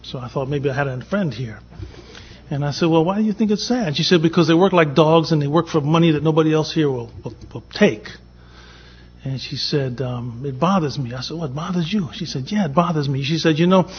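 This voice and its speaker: A man from Boston, voice a little high with a breathy edge and a slightly fast pace, tells an anecdote to a conference panel. He acts out the quoted exchanges in this storytelling talk, captured in dull, lo-fi audio.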